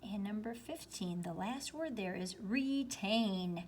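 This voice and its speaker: A woman teacher slowly and patiently walking students through a spelling worksheet, step by step. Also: medium pitch, animated, slight background noise. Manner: slow, patient, explaining step by step. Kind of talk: spelling lesson walkthrough.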